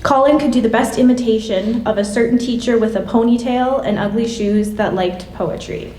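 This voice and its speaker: A woman's voice: a little high, moderate pace, mellow, slight background noise. Woman reading a eulogy in an echoey church. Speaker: classmate giving a memorial tribute. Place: church hall. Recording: echoey hall from a distance.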